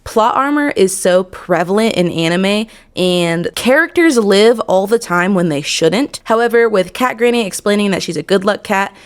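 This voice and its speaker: A woman's voice: mid-range voice, expressive, moderate pace, hardly any pauses, clean tone. A woman hosting a casual anime recap, chatty and gushing about the story. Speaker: anime video host.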